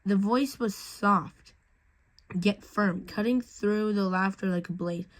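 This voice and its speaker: A woman's voice: medium pitch, slow pace, poor audio. A woman reading a fan fiction story aloud in a casual way, with slips and restarts.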